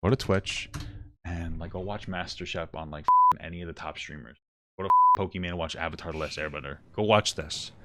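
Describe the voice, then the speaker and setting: Fast-talking, blunt young man streamer. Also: sits low, heavy background noise. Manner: blunt, irritated, swearing, full of "like". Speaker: livestream commentator reacting to a video. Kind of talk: live stream reaction commentary.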